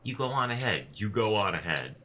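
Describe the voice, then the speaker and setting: A man voicing a tall, elegant woman villager in a game, reciting her lines in a slow, rhythmic, incantatory way. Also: fairly low pitch, very animated, bright, forceful tone, highs cut off, a little hiss or hum. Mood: chanting. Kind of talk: reading game dialogue aloud.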